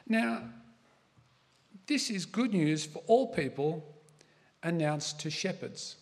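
A middle-aged pastor preaches a conversational sermon in a fairly high voice. He leans on asides and rhetorical questions to his listeners. His voice rings out with a long reverb, as if heard in a large hall. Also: animated, slow pace, vocal fry, pauses often.

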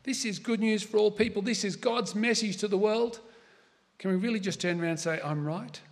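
A middle-aged man preaching a sermon in a relaxed, chatty way, with asides and questions to his listeners. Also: high-pitched, brisk. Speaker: pastor. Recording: long hall reverb.

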